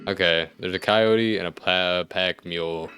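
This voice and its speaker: Low-voiced guy doing let's-play commentary, thinks out loud, dry little jokes, sometimes blurts out excitedly. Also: a little slow, music in the background. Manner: thinks aloud, wry asides, sudden excited outbursts. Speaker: gaming video host.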